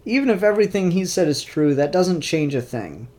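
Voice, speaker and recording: A man's voice: high-pitched, very animated, brisk, a little mellow, voice pushed up. Sincere, encouraging kid hero, slightly raised voice, read by a male reviewer. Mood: earnest. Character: earnest, good-hearted young boy hero.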